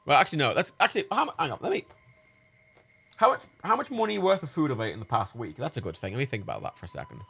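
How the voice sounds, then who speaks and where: Sweary British man with lively gravelly voice. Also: medium pitch, very fast, a little hiss or hum. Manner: sweary, exasperated, laughs often. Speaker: streamer. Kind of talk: live game stream chat.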